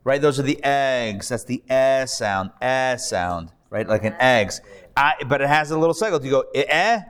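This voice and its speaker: Recorded with noticeable echo in a classroom hall before a live audience, a male rabbi patiently drills Hebrew pronunciation during a reading class. He speaks at normal speed in a medium, expressive voice with a fairly bright, clean tone.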